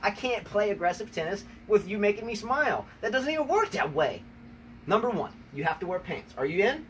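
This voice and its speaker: A man's voice: high-pitched, sing-song, fairly quick, fairly bright tone. An American man hosting a tennis talk show, playfully trash-talking his wife in a rambling, teasing way. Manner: teasing, rambling, repeats "number one, okay?". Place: outdoors on a rainy day. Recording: distant mic with faint ambient noise.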